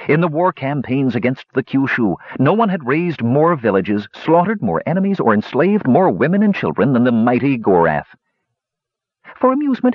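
A man reading a fantasy story aloud with expressive storybook narration. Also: medium pitch, slightly rough, no echo. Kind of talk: audiobook narration. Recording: dull lo-fi recording.

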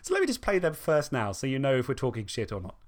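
A man's voice: mid-range voice, wildly swooping pitch. A man hosting a podcast in casual chat, joking with his co-hosts. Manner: jokey, rapid, laughs often. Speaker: podcast host.

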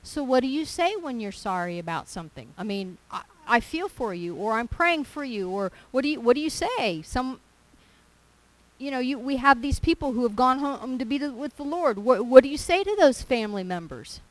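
A woman preaching a sermon, earnest and emphatic, slowing down to stress scripture. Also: high voice, expressive, low-quality recording.

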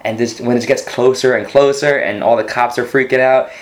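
A man in casual movie talk, recounting a scene with eager, tumbling restarts. His voice sits at a middling pitch, and he keeps the conversation rolling as a co-host. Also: brisk. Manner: animated retelling, full of restarts. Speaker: podcast co-host.

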